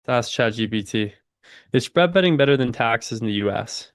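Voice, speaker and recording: A man's voice: medium pitch, expressive, normal speed, no echo, clean studio sound. A man in his twenties hosting a live trading stream, chatting with viewers and calling the market in a slangy, laid-back way. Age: 20s. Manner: slangy, laid-back, says dude a lot. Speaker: day-trading livestream host. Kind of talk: casual livestream chat with market commentary.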